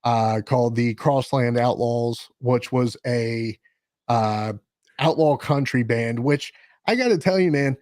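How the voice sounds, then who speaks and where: Man, interview guest, average pitch, rambling, restarts sentences, dry close mic. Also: slow, darkish tone, no room sound. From Maryland. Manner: rambling, with frequent restarts and self-corrections. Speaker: guest musician and podcast host. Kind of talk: casual interview talk.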